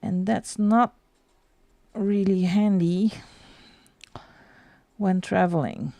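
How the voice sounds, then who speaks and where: Slow, gravelly woman chatting casually. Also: mid-range voice, fairly even intonation, warm tone, no room sound. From Netherlands. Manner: chatty, rambling, answers chat, laughs often. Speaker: coloring livestream host. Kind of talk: casual live-stream chat.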